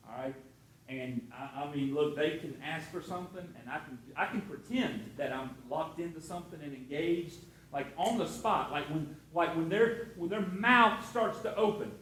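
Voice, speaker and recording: High-voiced pastor in an echoey hall. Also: male voice, normal speed, fairly bright tone, a little hiss or hum. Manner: storytelling, conversational with many restarts. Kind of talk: sermon.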